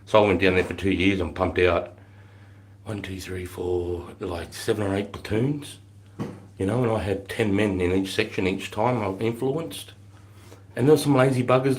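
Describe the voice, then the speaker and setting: A man's voice: fairly low pitch, steady tone, moderate pace, a little hiss or hum. A middle-aged Australian man, a former army recruit instructor, telling stories casually on a livestream in a blunt, profane way. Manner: blunt and profane, bursts into shouted drill-sergeant quotes.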